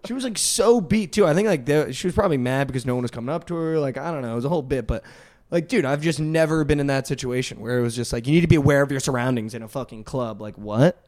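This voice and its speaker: A young man on a podcast telling a wild night-out story with loose, animated energy. He leans on "like" and "dude" constantly and acts out the other people's lines. His voice sits a little high. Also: fast talker. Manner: animated, heavy use of "like" and "dude", acts out quotes. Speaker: podcast co-host. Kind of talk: casual storytelling chat.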